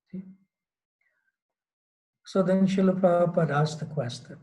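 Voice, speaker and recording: A man delivers a sermon in an easy, storytelling way, circling back with fillers and restarts. His voice sits a little high for a man but stays mellow and dark in tone. He sounds unhurried and conversational. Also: poor audio. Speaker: swami giving a scripture class. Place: temple hall.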